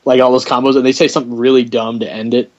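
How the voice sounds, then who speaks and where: A man's voice: medium pitch, level tone, very fast, darkish tone, muffled recording. A man hosting a podcast in casual chat, blunt and jokey, steering the talk along. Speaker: podcast host.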